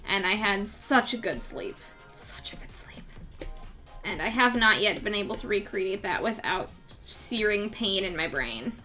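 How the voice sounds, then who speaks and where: A woman's voice: medium pitch, animated, normal speed, pushed and bright, soft background music. A young woman chatting casually with her viewers and her cat during a live drawing stream.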